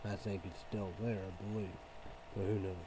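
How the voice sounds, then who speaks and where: A man's voice: sits low, flat delivery, normal speed, noisy background. A man ranting casually as a vlogger, rambling and profane, leaning on "you know" as filler.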